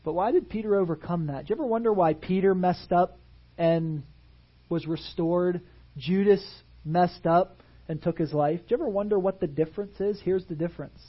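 A man preaching a sermon in a church, animated and full of rhetorical questions to the congregation. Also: high-pitched, moderate pace, breathy edge, lo-fi sound. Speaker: pastor. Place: church sanctuary.

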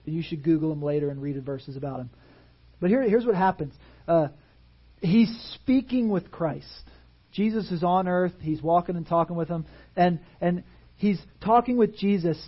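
A man preaching a sermon in a church, animated and full of rhetorical questions to the congregation. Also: high voice, normal speed, husky, muffled recording. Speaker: pastor. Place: church sanctuary.

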